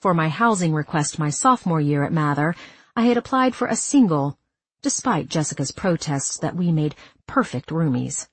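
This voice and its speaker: A woman reading a first-person story aloud as an audiobook narrator, calm and measured. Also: deep voice, husky, no room sound.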